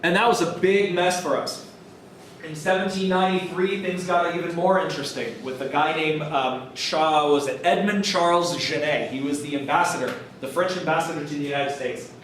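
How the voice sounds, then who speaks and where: A man's voice: on the high side, moderate pace, a bit bright, distant mic, slight background noise. Joking male lecturer in an echoey classroom. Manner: casual and jokey, acting out historical figures. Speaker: college history lecturer. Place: college classroom.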